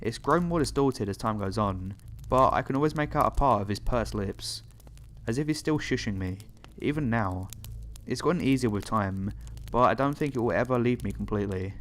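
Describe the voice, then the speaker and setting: A man narrating a first-person horror story in a measured, somber scripted read. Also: medium pitch, slight background noise. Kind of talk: scripted narration of reader-submitted horror stories.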